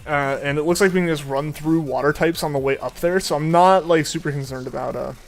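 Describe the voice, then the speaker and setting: A man's voice: fairly high pitch, a little fast, soft background music. A young man streaming a game, chatting casually and rambling with many fillers and restarts. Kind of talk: casual chat while gaming.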